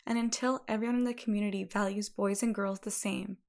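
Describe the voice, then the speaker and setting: Gravelly-voiced woman narrating a documentary. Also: medium pitch, fairly even intonation, brisk, a little mellow.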